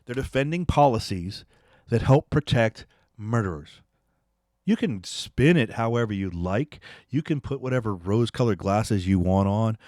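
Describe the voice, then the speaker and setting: Man, low voice, dry close sound, angry ranting commentary, repetitive and challenging. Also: lively intonation, normal speed, darkish tone, no room sound. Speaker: political commentary host. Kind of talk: heated political commentary.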